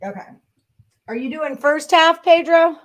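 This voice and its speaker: A woman's voice: high-pitched, expressive, a little slow. A woman hosting a live sports betting show, reading out viewers' picks and chatting casually.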